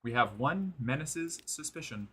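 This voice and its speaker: A man's voice: mid-range voice, expressive, measured pace, pushed and bright, breathy edge. A man streaming live, chatting casually to his viewers while playing a game. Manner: chatty, talks to chat while playing and exercising.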